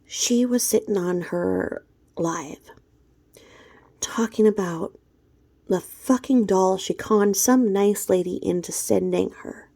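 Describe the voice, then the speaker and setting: A woman's voice: medium pitch, slow, mellow. A woman talking in a profane, mocking gossip commentary vlog, snacking between remarks. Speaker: vlogger.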